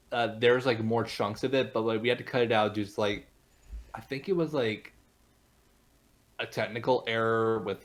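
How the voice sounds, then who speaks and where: A young man, a voice actor guest on a casual podcast, rambling with many restarts and laughing easily. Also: on the low side.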